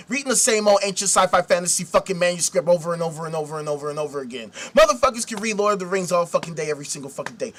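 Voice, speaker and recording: A man's voice: high voice, a little hiss or hum. A man hosting a show, delivering a profane, combative rant. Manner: angry ranting, shouts at times. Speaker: host. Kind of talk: ranting commentary.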